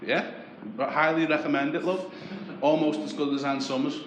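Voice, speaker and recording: A man's voice: on the high side, little pitch movement, normal speed. A man doing a brash, sweary stand-up comedy set in a club. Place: comedy club with a live audience. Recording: roomy club with audience noise.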